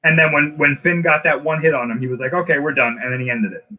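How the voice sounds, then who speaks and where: A man's voice: a little high, steady tone, quick pace, bright, forceful tone, poor audio. A man in casual chat, arguing his point and explaining at length.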